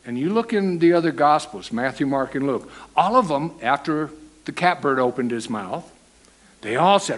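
A man preaching a sermon, animated and acting out the quoted lines. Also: a little high, moderate pace, low-quality recording.

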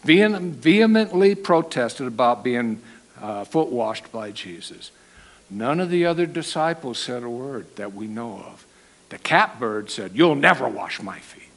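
A man preaching a sermon, animated and acting out the quoted lines. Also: mid-range voice, unhurried, rough recording.

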